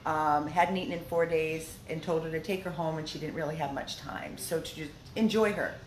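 A woman's voice: low-pitched, fairly even intonation, brisk. Chatty woman in an echoey room. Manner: heartfelt, chatty, many fillers. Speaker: dog rescue organizer. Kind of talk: casual video update. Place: indoors at a dog rescue house. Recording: echoey room with faint noise.

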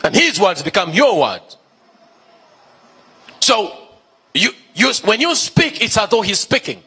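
A man's voice: sits high, big pitch swings, unhurried, pushed and bright, breathy edge. A male pastor preaching a sermon, emphatic, repeating key phrases and asking the congregation questions.

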